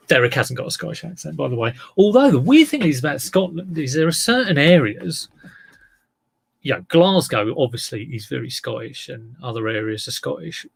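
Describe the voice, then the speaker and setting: This vlogger, an online reseller from England, has a gravelly, mid-range voice with a fairly bright tone and a breathy edge. He chats casually, rambles, strays from the topic, and jokes at his own expense.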